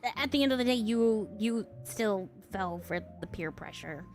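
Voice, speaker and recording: A woman's voice: medium pitch, expressive, normal speed, over music. A woman streamer in casual chat, blunt and teasing, full of "like" and "right". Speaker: VTuber streamer.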